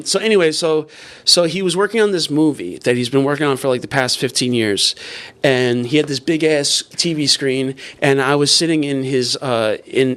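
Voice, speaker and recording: A man, a comedian guest, telling a long story casually, full of restarts and swearing. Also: medium pitch. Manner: rambling with many restarts and swearing.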